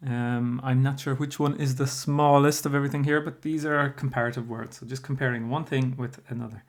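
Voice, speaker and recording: A man's voice: medium pitch, fairly even intonation, fairly quick. A primary school teacher talks a class through a spelling workbook. He explains patiently and steadily, dropping in fillers as he thinks. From Ireland.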